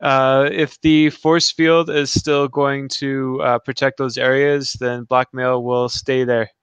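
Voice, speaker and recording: Slow, smooth-voiced man at a game table. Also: medium pitch, flat delivery, dry recording. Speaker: player. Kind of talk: casual tabletop game talk.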